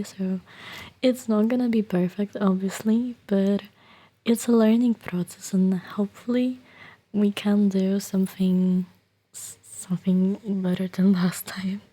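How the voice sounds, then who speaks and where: Soft-spoken whispering woman streamer. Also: medium pitch, steady tone, measured pace. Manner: whispery, hesitant, many restarts. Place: bedroom at home. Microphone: desktop streaming microphone.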